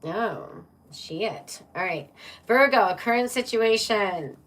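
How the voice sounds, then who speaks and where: Slow, chatty woman reading tarot. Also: mid-range voice, expressive, fairly bright tone, distant mic. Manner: chatty and playful, laughs often, talks to viewers as "my love" and "baby". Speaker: tarot reader. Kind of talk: casual live-stream tarot reading.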